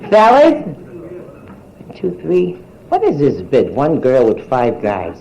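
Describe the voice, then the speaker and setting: An older woman performs bawdy stand-up on a nightclub stage, brassily teasing and bantering with the crowd. Her extremely low, creaky, mellow voice swoops wildly in pitch at a slow pace, caught on a handheld steel mic in a roomy live recording with audience.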